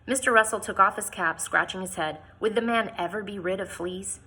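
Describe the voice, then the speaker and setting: A woman reading a novel aloud informally, expressive and lifting her voice for quoted lines, with small slips and restarts. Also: mid-range voice, brisk, husky, low-quality recording.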